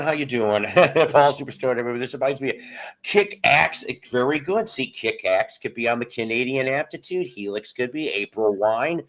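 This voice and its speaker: A man in his late fifties hosts a relaxed livestream, wandering from one joke to the next and stopping to greet viewers by name. His voice sits at a middle pitch for a man. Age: 50s. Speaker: livestream host. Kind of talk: casual livestream chat.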